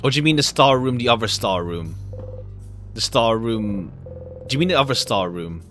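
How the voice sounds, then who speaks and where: A man casually commenting on a video game as he plays, rambling with halting filler words. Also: medium pitch, lively intonation, a bit bright. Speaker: let's play gamer. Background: background music.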